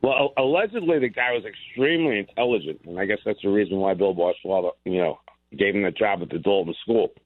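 Low-voiced male caller on a phone line. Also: quick pace, dry recording. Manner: earnest, lots of filler words. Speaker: radio caller. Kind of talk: call-in radio chat.

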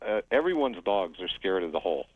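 A man answers a radio host's questions over the phone in short, halting bursts. He stammers and restarts as he talks. The line sounds dull and dry, and his voice sits a little low. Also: sing-song, breathy edge, no echo. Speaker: guest on the phone.

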